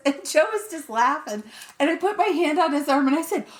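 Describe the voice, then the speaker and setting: A woman's voice: high voice, lively intonation, moderate pace, a bit bright. A woman co-hosting a podcast, telling a story in casual chat, swearing freely and laughing often. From Colorado, USA. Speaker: podcast co-host.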